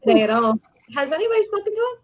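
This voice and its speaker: High-voiced chatty woman host. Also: sing-song, racing, poor audio. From Canada. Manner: chatty, laughs easily. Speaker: podcast host. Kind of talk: casual live-stream chat.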